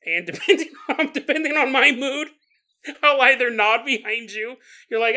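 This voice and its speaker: A male podcast host telling a ghost story in an animated, joking way, laughing often. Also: very high voice, moderate pace.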